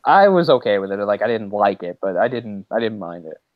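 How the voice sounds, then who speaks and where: A man co-hosting a podcast, rambling through a casual movie chat, getting animated and laughing as he retells scenes. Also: lowish voice, brisk, no echo, dull audio. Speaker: podcast co-host.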